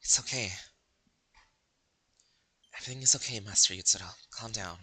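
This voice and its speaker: A man reading a calm, devoted young woman in a game, with soft, slow, soothing delivery. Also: lowish voice, husky, exaggerated voice, rough recording.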